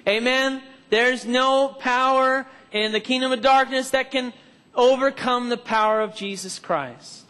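Male preacher with a strikingly high voice, testifying and calling for amens; sermon heard in a church hall with a long echo. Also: fairly even intonation, unhurried, bright, forceful tone, smooth.

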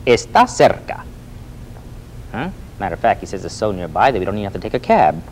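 A man teaching a lively Spanish lesson, repeating phrases for students to echo and coaxing them with a questioning "Hmm?". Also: low-pitched, racing, a little hiss or hum. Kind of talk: lively spoken language lesson.

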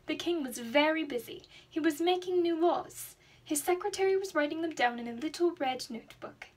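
A young woman reading a children's storybook aloud in an expressive, dramatic way. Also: high voice, normal speed. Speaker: student reader.

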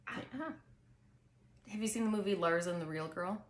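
A woman's voice: fairly low pitch, moderate pace, a little hiss or hum. Young woman co-hosting a podcast, chatty, laughs a lot, echoey room. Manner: chatty, laughs often, animated storyteller. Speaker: podcast co-host. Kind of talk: casual chat.

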